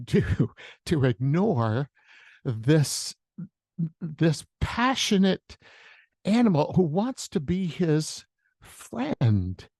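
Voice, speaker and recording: A man's voice: a little high, darkish tone, no room sound. A man who is a worship leader, sharing a reflective devotional message with storytelling on a video call.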